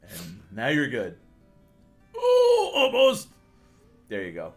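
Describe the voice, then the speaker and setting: A man narrating as game master for a tabletop game on a livestream, quick and often laughing, with some stumbles. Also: medium pitch, huge pitch swings, faint music behind.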